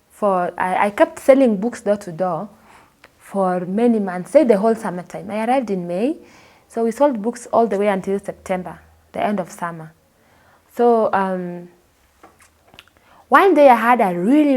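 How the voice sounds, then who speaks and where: A woman with a Kenyan accent recounts her own story as an interview guest, her pitch sitting in an ordinary middle range. She tells it expressively and slips into the voices of the people she describes. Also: measured pace, pauses often, darkish tone. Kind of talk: personal storytelling.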